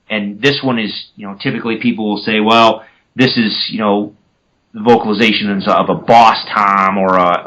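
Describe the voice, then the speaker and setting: A man's voice: on the low side, bright, forceful tone, low-quality recording. A man casually explaining turkey calls on a podcast, now and then mimicking yelps with his own voice. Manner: conversational, self-correcting.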